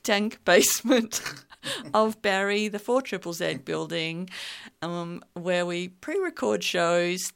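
A woman's voice: mid-range voice, gravelly, smooth. A woman hosting a community radio show in a studio basement, chatting in a rambling way and laughing easily. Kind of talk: casual radio chat.

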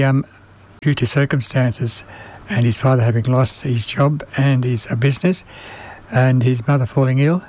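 A man presenting music on the radio, speaking haltingly with many pauses and fillers, and losing his voice. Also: mid-range voice, darkish tone. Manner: halting, many ums and uhs. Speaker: radio music show host.

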